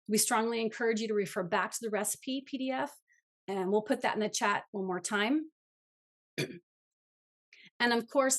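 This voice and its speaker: A woman co-hosting an online cooking class, reading prepared remarks and going through the plan in an organized way. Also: fairly high pitch. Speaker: co-host. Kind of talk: scripted class introduction.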